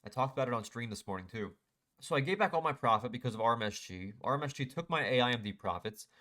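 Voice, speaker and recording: This young day trader speaks fast and expressively in a mid-range, bright, forceful voice, casually going over his trades on a shared chart. He is frustrated and critical of his own mistakes.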